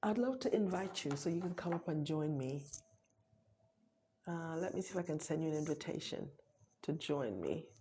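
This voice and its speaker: A woman hosting a live stream, giving an encouraging motivational talk and inviting viewers to join her, with drawn-out emphatic phrases. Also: deep voice, lively intonation, warm tone, a little hiss or hum.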